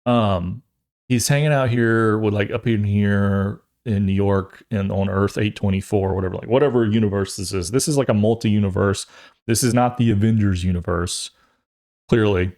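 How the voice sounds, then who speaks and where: A young man chats casually on his podcast, rambling from one thought to the next. His voice sits a little low, and he turns animated and jokey as he goes. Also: normal speed. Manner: rambling, jokey, trails off and restarts; animated, acts out quotes in funny voices. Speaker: podcast host. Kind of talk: casual chat.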